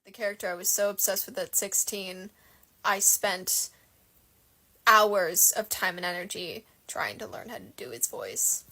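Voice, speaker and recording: A woman's voice: medium pitch, measured pace, sharp tone. Rambling, gushing young woman. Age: 20s. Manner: gushing, self-deprecating, rambling. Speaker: fan content creator. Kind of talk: casual chat.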